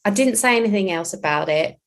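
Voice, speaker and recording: A woman's voice: mid-range voice, expressive, fast, creaky. A woman hosting a podcast conversation about parenting, talking in an earnest, reflective way as a mother. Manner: earnest and reflective, acting out quoted lines.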